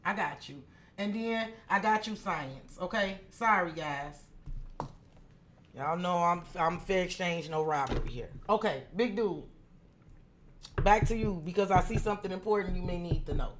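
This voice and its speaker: A woman's voice: on the low side, moderate pace, a little hiss or hum. A woman giving a live-stream tarot reading, chatty and frank, swearing freely and talking straight to viewers by name. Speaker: tarot reader.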